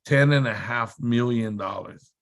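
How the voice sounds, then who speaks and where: A man's voice: medium pitch, a little slow, creaky. A man speaking at a seminar, telling a motivational story with emphatic, repetitive build-ups and dramatic delivery. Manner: dramatic, acts out shouted quotes.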